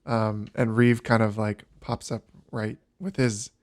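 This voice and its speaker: A man's voice: lowish voice, little pitch movement, unhurried. A man narrating a tabletop game as game master, hesitant with many fillers.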